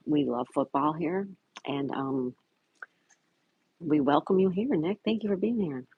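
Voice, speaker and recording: A man's voice: fairly high pitch, a little slow, slightly rough, no echo, phone-quality sound. A man hosting a casual livestream, reading viewer comments aloud and greeting chatters by name. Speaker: livestream host. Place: home in Florida.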